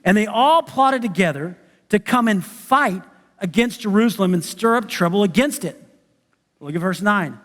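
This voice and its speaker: A man's voice: high-pitched, expressive, moderate pace, a bit bright. A man preaching a conversational sermon as pastor, who acts out the voices of the people he quotes. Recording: church sanctuary with long reverb.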